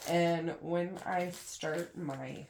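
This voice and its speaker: With a lowish voice, fairly even intonation, and vocal fry, a young crafting vlogger speaks very slowly over background noise. She sorts craft supplies at home while kids are in another room, rambling self-deprecatingly with many fillers.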